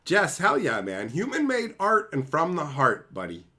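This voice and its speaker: A male streamer rants to his live chat, swearing constantly and mocking whatever he's talking about. His voice sits a little high and swings widely in pitch as he gets worked up. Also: wildly swooping pitch, moderate pace, pushed and bright. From Canada. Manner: angry, profane, sarcastic ranting.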